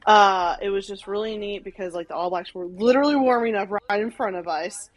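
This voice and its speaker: A young woman from Arkansas, a podcast guest telling a story in animated casual chat, full of "like" and acted-out quotes. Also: mid-range voice, fairly quick, dry recording, poor audio. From Arkansas, USA. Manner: animated, many "like"s, acts out quotes.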